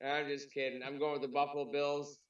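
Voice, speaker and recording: A man talks sports in a relaxed, joking way and often restarts his sentences. He sits far from the mic, so the room echoes around him. The sound is dull and lo-fi. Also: on the high side, a little fast. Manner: joking, relaxed, hesitant starts. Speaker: co-host. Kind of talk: casual sports talk. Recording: distant roomy lo-fi mic.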